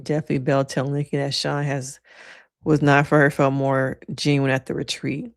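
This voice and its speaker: A woman's voice: rumbling low, flat delivery, fairly quick, gravelly, no room sound, studio quality. A woman giving casual, sassy reaction commentary on a reality show, laughing often and talking in a playful way.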